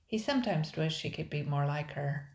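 Low, gravelly grandmother reading aloud. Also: animated, normal speed, darkish tone, muffled recording. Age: older. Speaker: storybook reader. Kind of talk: children's story narration. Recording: echoey room.

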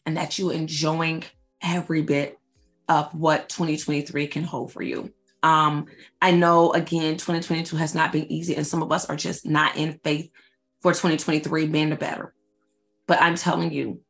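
A woman in her forties, a faith-based life coach, chatting casually and excitedly to her followers, repeating herself for emphasis and calling them y'all. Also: lowish voice, gravelly. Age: 40s. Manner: slangy, addresses audience as y'all. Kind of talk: casual announcement chat to followers.

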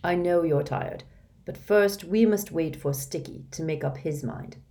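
A woman reading the part of a kindly, wise older man who speaks gently and formally. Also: low voice, unhurried. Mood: gentle.

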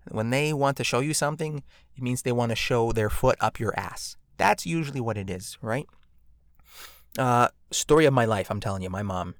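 A man's voice: mid-range voice, moderate pace, dry recording, clean studio sound. A man hosting a podcast alone, rambling and joking with lots of fillers and tag questions. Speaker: podcast host. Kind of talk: casual podcast monologue.

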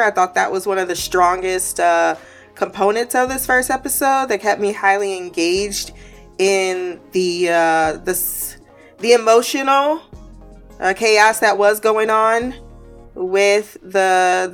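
A woman giving a casual, wry review of a TV episode, with filler words, restarts and sarcastic asides. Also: medium pitch. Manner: sarcastic asides and frequent laughs.

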